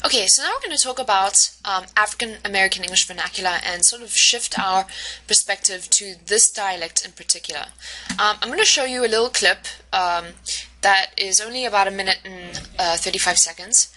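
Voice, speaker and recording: A woman teacher talks through a recorded lesson in a bright, forceful voice. She explains point by point, pausing on fillers, correcting herself and checking in with "right?". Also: mid-range voice, poor audio. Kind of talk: recorded lecture walking through slides.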